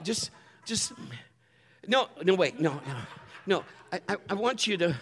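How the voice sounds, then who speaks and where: Bright-voiced casual preacher. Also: male voice, high voice, expressive, unhurried, pauses often, husky. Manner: casual, rambling, many fillers. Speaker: pastor. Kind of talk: sermon. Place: church.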